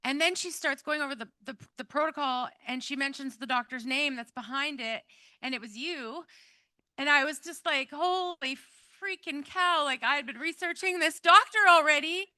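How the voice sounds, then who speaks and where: A woman's voice: high-pitched, moderate pace, sharp tone, dry recording. A middle-aged woman giving an emotional personal testimony to a live audience, earnest and rambling with many fillers. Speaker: event speaker giving a testimonial.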